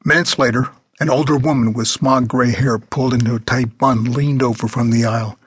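A man narrating his own novel as an audiobook, with a measured, plain delivery. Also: mid-range voice, steady tone, husky, no echo, clean studio sound.

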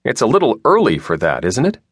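A man's voice: medium pitch, huge pitch swings, quick pace, husky, no echo, voice pushed up, full character voice. A male audiobook narrator voicing a young starship captain who talks bluntly and objects, recorded dry in a studio. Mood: tense.

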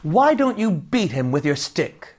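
A man voicing a shrill, grumpy young bride who snaps and shrieks. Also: big pitch swings, measured pace. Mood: grumbling. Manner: shrieking, snappish.

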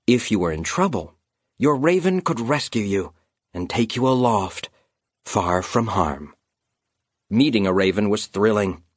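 Husky, lively male storybook narrator. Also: fairly low pitch, dry recording, clean studio sound. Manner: storytelling, dramatic slowdowns. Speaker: audiobook narrator. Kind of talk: scripted narration of a children's fantasy.

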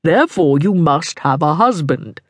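A woman voicing a self-assured middle-aged male cardinal who speaks smoothly, slowly and with quiet condescension. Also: sits low, animated, no room sound, studio quality. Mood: smooth, commanding.

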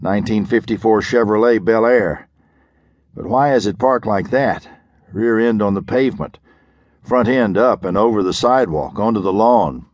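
A man's voice: fairly low pitch, moderate pace, a little mellow, no echo, lo-fi sound, close to an everyday voice. A man doing a groggy, confused hungover man. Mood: dazed. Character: dazed, hungover young man waking in pain.

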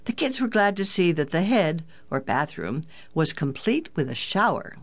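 A narrator reading a children's adventure book aloud, clear and even. The delivery is steady, scripted storytelling at a mid pitch. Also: normal speed. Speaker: audiobook narrator.

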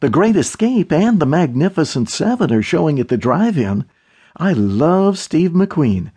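A man's voice: fairly high pitch, sing-song, unhurried, dark tone, slightly rough, voice pushed up, exaggerated voice. A man doing an easygoing young guy. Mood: chatty.

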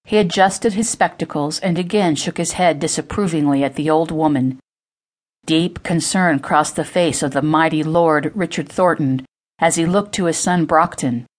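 A woman's voice: low-pitched, moderate pace. A woman reading her own historical romance novel as narrator. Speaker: audiobook narrator and author. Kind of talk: scripted narration.

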